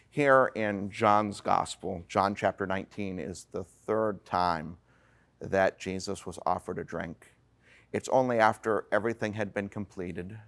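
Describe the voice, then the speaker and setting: Earnest man preaching a sermon. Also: lowish voice. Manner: earnest preaching with dramatic slow pauses and fillers. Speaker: pastor.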